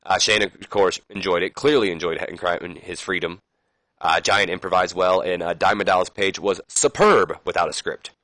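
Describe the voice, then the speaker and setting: A man's voice: low-pitched, steady tone, normal speed, pushed and bright, no room sound, poor audio. A man giving casual, rambling commentary over a wrestling management game, reading promo lines aloud with plenty of fillers and self-corrections. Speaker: let's play commentator.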